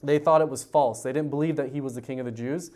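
A man preaching a verse-by-verse sermon as a youth pastor, animated, swinging from loud high emphasis to low quiet points, often repeating words as he starts a sentence. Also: fast. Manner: animated, rises in pitch and volume for emphasis, drops low on key points.

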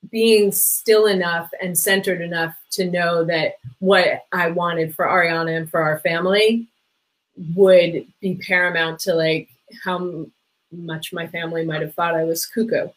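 On poor audio, a middle-aged woman with a lowish voice speaks unhurriedly, with little pitch movement. As a parenting-coach guest on a podcast, she chats casually about raising kids, leaning on "like" and briefly acting out the people she quotes.

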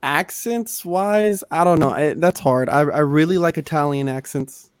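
A man's voice: on the high side, fairly even intonation, normal speed, smooth, no room sound, clean studio sound. A man co-hosting a podcast in casual chat, rambling and effusive, swearing often. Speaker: podcast co-host.

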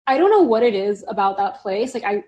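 A woman's voice: mid-range voice, expressive, fairly quick, darkish tone. A woman chatting casually on a podcast, rambling and filling her talk with "like". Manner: rambling, heavy use of "like". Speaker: podcast guest or host.

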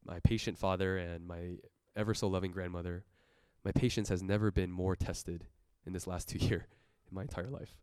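A young man shares a personal testimony in sermon style, speaking earnestly and often laughing between his points. His voice sits low and comes through smooth and resonant, close and dry with no room echo. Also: fairly even intonation, moderate pace, dark tone. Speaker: church speaker giving a testimony.

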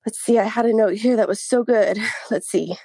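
A woman's voice: a little high, normal speed, mellow, husky, no room sound. A woman co-hosting a podcast in casual chat, out of breath, laughing often and reading notes aloud. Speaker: podcast co-host.

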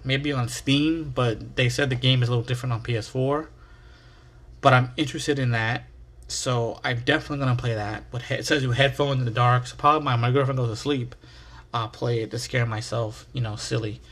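A man's voice: mid-range voice, steady tone, a little fast, fairly bright tone. A young man hosting a casual solo podcast, rambling through a story in a self-mocking way and swearing freely. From New York area. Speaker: podcast host.

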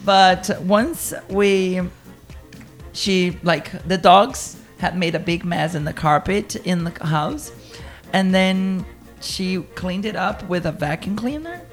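A woman teacher tells travel stories in casual chat, animated and laughing often. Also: on the low side, takes it slowly, faint music behind. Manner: lively storyteller, laughs often.

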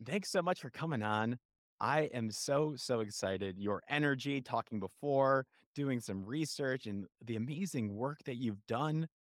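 An energetic man with a Chicago accent hosts a podcast interview, keen and upbeat as he puts questions to his guest. The recording is dry and close, with almost no room sound. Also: mid-range voice, measured pace, no echo. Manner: energetic, enthusiastic. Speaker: podcast host.

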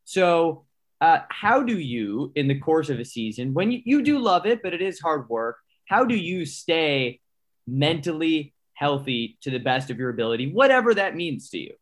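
A man's voice: a little high, big pitch swings, moderate pace. A man who is a broadcaster, hosting a casual interview and asking long, rambling questions with enthusiasm. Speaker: podcast host and broadcaster.

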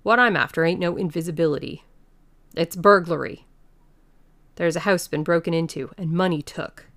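Blunt rustic constable, dogged, gravelly low voice, read by a woman. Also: moderate pace, a bit bright. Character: stolid village constable, dogged and plain-spoken.

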